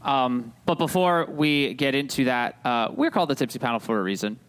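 A man hosts a casual podcast with a rambling, joking manner. He pokes fun at himself and keeps the chat loose. His voice sits at an ordinary middle pitch. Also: lively intonation, fairly quick, a bit bright, clear, resonant tone. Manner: joking, rambling, self-deprecating. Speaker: podcast host.

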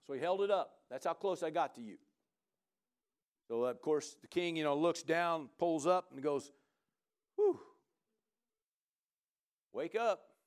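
Animated man preaching a conversational sermon. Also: on the high side, moderate pace, clean tone. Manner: animated, conversational preaching with frequent "come on" and "right?". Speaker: pastor.

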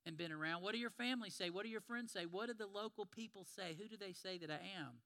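A man voicing an adult male teacher calmly asking his followers who they think he is, in a plain casual tone. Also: sits high, fast, in a large hall. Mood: questioning.

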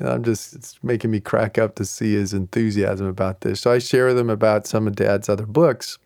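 A man's voice: fairly low pitch, steady tone, moderate pace, a little mellow, no echo, clean studio sound. A middle-aged man telling a personal story in a casual way, chuckling often and acting out the other people's lines. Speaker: speaker sharing a personal story.

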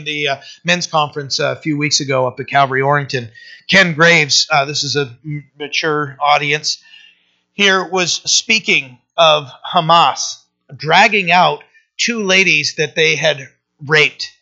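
A man preaching a loose, conversational sermon, with a high, bright and sharp voice. He rambles, restarts his sentences and keeps checking in with his listeners. The recording is dull and lo-fi. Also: vocal fry. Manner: conversational, rambling, frequent "right?" asides and restarts. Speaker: pastor. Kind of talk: informal Bible-study sermon.

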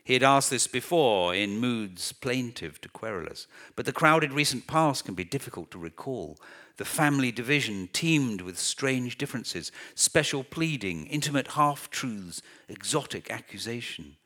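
A man narrating a literary novel as an audiobook in a measured, deliberate reading. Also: medium pitch, animated, sharp tone.

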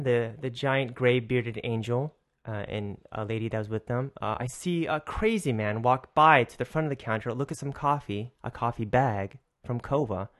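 A male podcast host telling a casual, rambling story in an animated way, swearing freely and often restarting his sentences. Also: medium pitch.

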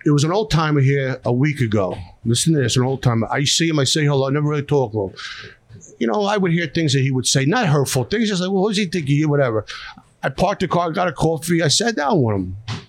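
A fast-talking, expressive middle-aged man with a somewhat high voice and a Philadelphia accent, hailing from South Philadelphia. He's a restaurateur appearing as a podcast guest, speaking bluntly and emotionally and often repeating himself.

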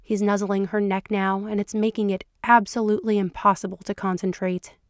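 A woman podcast host reading fan fiction aloud in a soft, intimate storytelling voice. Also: medium pitch, level tone, brisk, no echo, studio quality. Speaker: podcast narrator.

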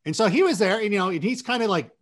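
A man telling stories in casual sports talk, animated and quick to act out quoted voices. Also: sits high. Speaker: sports show guest.

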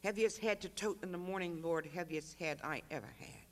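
High-voiced author reading fiction. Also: male voice. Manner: measured, rhythmic narration. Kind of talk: literary reading.

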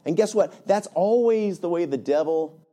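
A male pastor preaching a lively, conversational sermon, often checking in with "right?". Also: high voice, normal speed. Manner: animated, conversational, frequent "right?".

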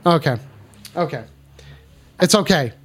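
A man hosting a call-in stream, talking in loud casual banter, cursing and repeating catchphrases. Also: fairly high pitch, animated, a little slow, slightly rough, faint music behind. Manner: hyped, repeats catchphrases, curses, shouts. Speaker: streamer taking calls.

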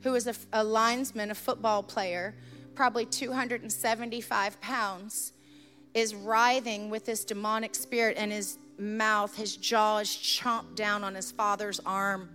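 Woman pastor preaching over soft music. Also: mid-range voice, level tone, unhurried. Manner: storytelling, earnest and urgent, then softly intense in prayer. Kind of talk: sermon.

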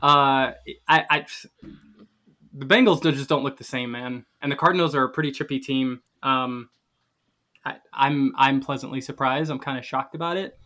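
A man's voice: mid-range voice, normal speed, pushed and bright. A man co-hosting a casual sports podcast, wry and trash-talking about teams. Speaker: podcast co-host.

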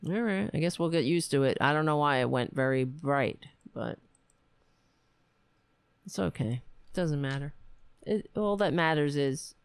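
A woman's voice: sits low, animated, measured pace, pauses often, clear, resonant tone, dry recording. A woman hosting a podcast, talking in a blunt, profane, rambling way in casual commentary. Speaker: podcast host. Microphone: webcam setup.

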